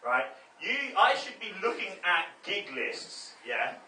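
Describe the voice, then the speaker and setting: A man's voice: high voice, sing-song, unhurried, pushed and bright. A man doing a stand-up set, chatty and self-deprecating, riffing with the crowd. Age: 30s. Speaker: stand-up comedian. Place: comedy club stage. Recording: roomy, distant live club recording. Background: audience laughter.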